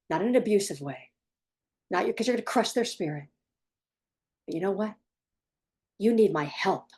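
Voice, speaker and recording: Husky woman parenting coach, kinda low voice, blunt and emphatic, talks right at you. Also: dark tone. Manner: emphatic, blunt, repeats for stress. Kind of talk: direct advice monologue.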